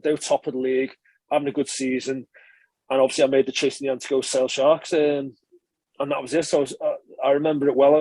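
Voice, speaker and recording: A man, a former rugby player, recalls his career in a relaxed interview, rambling and correcting himself as he goes. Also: mid-range voice, slightly rough, no room sound. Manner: chatty, rambling recollection, frequent filler and self-correction. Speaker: former professional rugby player, podcast guest.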